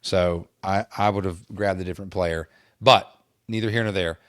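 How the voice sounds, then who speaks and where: A man co-hosting a podcast, talking in a measured, wry way and steering clear of swearing. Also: low voice, fairly even intonation, no room sound, clean studio sound. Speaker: podcast co-host. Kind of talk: casual chat.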